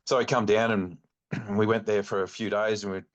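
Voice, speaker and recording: Aussie bloke, deep low voice, rambling chatty hunting yarn, lots of likes and ums. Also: male voice, a little fast, muffled recording. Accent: Australian. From Australia. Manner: rambling, animated anecdote telling with many fillers. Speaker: guest, bowhunting club chairman. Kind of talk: casual storytelling chat.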